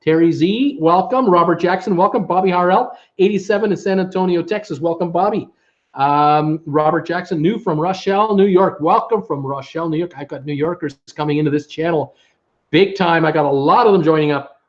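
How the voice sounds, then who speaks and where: A man's voice: on the high side, brisk, lo-fi sound. Chatty man hosting a live stream. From Ontario, Canada. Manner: chatty, upbeat, many fillers. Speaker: livestream host reading viewer chat. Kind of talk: casual live chat. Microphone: webcam setup at home.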